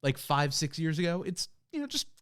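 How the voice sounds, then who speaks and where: A man's voice: fairly high pitch, sing-song, a little fast, fairly bright tone, smooth. A young man co-hosting a podcast, chatting casually and rambling through family anecdotes. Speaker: podcast co-host. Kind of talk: casual chat.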